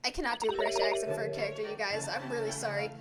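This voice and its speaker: A woman's voice: mid-range voice, steady tone, rapid-fire. A woman streaming a game and reading it aloud, chatting playfully with jokey outbursts. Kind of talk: casual gameplay stream commentary. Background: loud game music.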